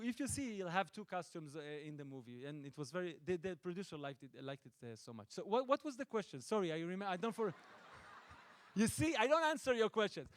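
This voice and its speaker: Man, Israeli accent, high voice, dry close sound, playful deadpan, film director Q&A. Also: fairly quick, dry recording. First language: Hebrew. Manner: playful, self-interrupting, deadpan jokes. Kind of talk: joking audience Q&A. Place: stage at a film festival event.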